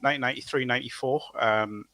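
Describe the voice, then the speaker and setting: A man's voice: medium pitch, steady tone, very fast, sharp tone, dry recording. A man speaking as a podcast guest, talking in a thoughtful way with fillers and restarts. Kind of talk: casual podcast chat.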